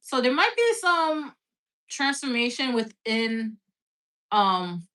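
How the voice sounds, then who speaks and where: On a casual tarot live stream, a hiccuping woman speaks slowly in a high, very animated, bright, and forceful voice. She's blunt and talkative, swears freely, and peppers everything with "like."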